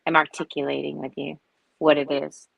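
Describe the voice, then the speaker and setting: Low, gravelly woman sharing thoughtfully. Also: little pitch movement, no echo, lo-fi sound. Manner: earnest, reflective storytelling with many pauses. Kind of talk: casual heartfelt group chat.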